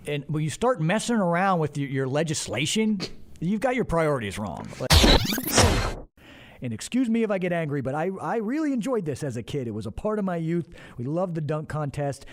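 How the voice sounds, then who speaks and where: Animated, high-voiced sports radio host. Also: male voice, moderate pace, a little hiss or hum. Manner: animated, heated ranting. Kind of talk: sports talk radio banter.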